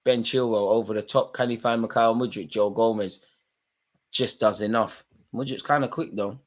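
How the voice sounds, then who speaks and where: A man's voice: fairly low pitch, fairly even intonation, moderate pace. A man hosting a live football watchalong, calling out players by name and bantering in casual slang. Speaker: watchalong host.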